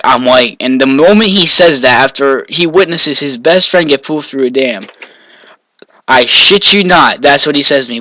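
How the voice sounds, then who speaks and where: A man's voice: medium pitch, moderate pace, bright, forceful tone, dry recording, rough recording. A young man from Maine telling personal stories in a casual, rambling way, often correcting himself and chuckling between lines. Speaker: vlogger. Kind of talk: casual storytelling.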